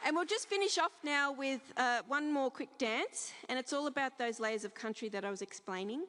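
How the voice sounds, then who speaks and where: A woman with a croaky voice giving a ceremonial welcome, speaking softly and proudly and singing slow chants. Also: sits high, long reverb tail, some chatter behind. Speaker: cultural performer giving a welcome. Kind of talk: ceremonial welcome speech and song. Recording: noisy live event recording.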